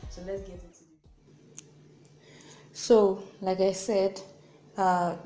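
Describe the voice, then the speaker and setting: A woman from Nigeria with a Nigerian accent, hosting a lesson and slowly repeating each sound several times. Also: on the low side, mellow, roomy sound, poor audio. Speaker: Korean language teacher, channel host. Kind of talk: slow spoken lesson.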